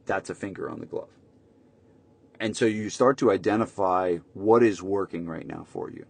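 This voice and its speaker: A man with a somewhat low voice talks through a casual solo podcast episode as a marketing coach for gym owners. He drives his points home emphatically, repeats key lines and keeps checking in with quick tag questions. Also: gravelly, husky.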